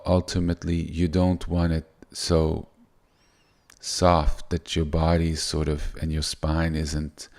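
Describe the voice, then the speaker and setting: A man giving soft-spoken, unhurried spiritual teaching, often restarting his sentences. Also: sits low, gravelly.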